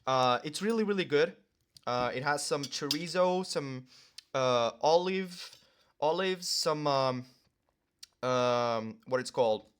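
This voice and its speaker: A man's voice: fairly high pitch, expressive, slow, smooth. Rambling young man chatting over lunch. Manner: rambling, filler-heavy, talks with his mouth full. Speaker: vlogger. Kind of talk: casual talk to camera while eating lunch.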